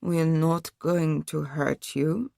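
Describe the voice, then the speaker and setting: A woman voicing a distrustful wealthy man in a true-crime audiobook, slow, flat and emphatic. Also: low-pitched, vocal fry, no room sound, clean studio sound, full character voice.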